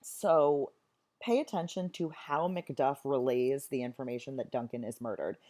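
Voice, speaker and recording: A woman's voice: very deep voice, moderate pace, dark tone. A woman teacher explaining a play in a chatty, enthusiastic way. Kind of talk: recorded literature lesson.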